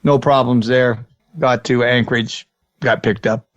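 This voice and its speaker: A man co-hosting a podcast, telling a travel story in casual chat with lots of swearing and animated retelling. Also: mid-range voice, unhurried, no room sound, muffled recording. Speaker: podcast co-host.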